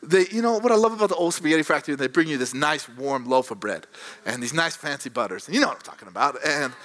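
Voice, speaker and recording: A young adult man, a pastor telling a funny personal story and preaching with animated, self-mocking energy. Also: on the high side, fast.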